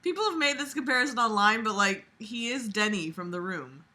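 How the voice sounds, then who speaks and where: A woman's voice: a little high, animated, fairly quick, sharp tone. A woman reading a fan story aloud and breaking off into sarcastic, profane commentary full of fillers. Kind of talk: dramatic reading with mocking commentary.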